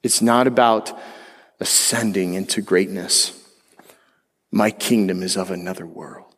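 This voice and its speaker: A pastor preaches in a church hall in a low, slightly bright and rough voice, with fairly even intonation and a slightly slow pace. His conversational sermon mixes jokes with emphatic, rising passages, and the recording carries long hall reverb.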